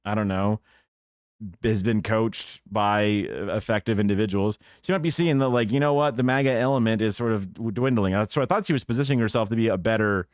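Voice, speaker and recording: Sarcastic low-voiced male streamer, dry sound. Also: brisk, clean tone, no echo. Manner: rambling, sarcastic, swears, mocks in put-on quotes. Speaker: streamer reacting to news clips. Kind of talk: casual live-stream commentary.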